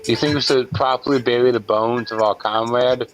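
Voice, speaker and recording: A man playing in a tabletop game, dry and deadpan, over background music. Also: medium pitch, a little fast, low-quality recording. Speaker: player.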